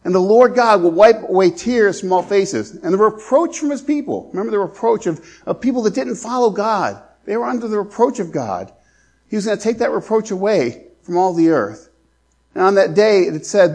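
Earnest slow-preaching male pastor. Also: sits high, a little mellow. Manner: earnest preaching, slows down to stress scripture. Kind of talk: sermon.

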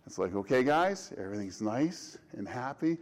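A man's voice: mid-range voice, big pitch swings, normal speed, low-quality recording. A middle-aged man, a pastor, delivering a conversational sermon with frequent restarts and rhetorical questions.

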